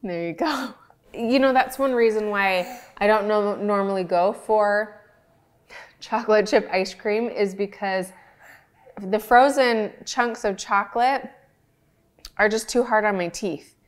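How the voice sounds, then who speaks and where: Slow-talking woman reviewing ice cream. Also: mid-range voice, fairly even intonation. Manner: slow, thoughtful, chatty, talks with her mouth full. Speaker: ice cream maker reviewing store-bought ice cream. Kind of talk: casual product review vlog.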